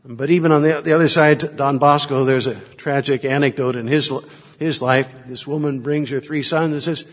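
In a large hall, a priest preaches a sermon built around anecdotes from his ministry, reflective in tone and moving in and out of the voices he quotes. He has a higher voice with fairly even intonation and a moderate pace.

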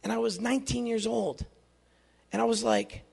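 A man in his fifties giving an earnest, animated inspirational talk to young people, telling his own faith story with self-deprecating humor. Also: very high-pitched, normal speed, gravelly, husky. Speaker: Catholic youth speaker.

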